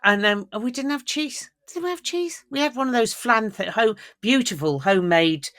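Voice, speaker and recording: A woman co-hosting a podcast, telling travel stories in lively casual chat and laughing often. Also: on the high side, moderate pace, crowd noise. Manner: chatty, animated storyteller who laughs often. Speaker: podcast co-host.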